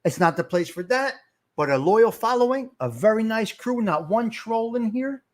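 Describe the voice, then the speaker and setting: A man's voice: sits high, lively intonation, normal speed. A middle-aged man, hosting a live stream and ranting in a heated, profane way while calling out to his chat. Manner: fired-up, profane, shouting out to chat.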